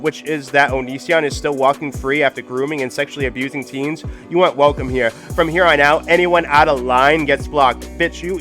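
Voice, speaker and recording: A man's voice: on the high side, fairly bright tone. A man hosting a livestream, talking in a blunt, heated and profane casual way. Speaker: livestream host.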